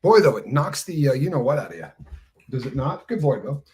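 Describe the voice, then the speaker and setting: A man's voice: mid-range voice, big pitch swings, fairly quick, a little mellow. A man co-hosting a live stream, chatting casually with dry, wry asides.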